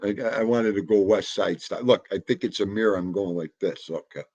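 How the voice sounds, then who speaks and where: A man's voice: lowish voice, fairly quick, a little mellow, muffled recording. A man, chatting casually and jokingly in a rambling way while talking to his dog. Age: 50s. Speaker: vlogger. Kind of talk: casual chat.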